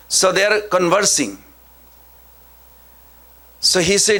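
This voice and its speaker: Male preacher, slightly high-pitched, lively storytelling lecture full of questions. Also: slow pace, pauses often. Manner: animated storyteller, asks the audience questions.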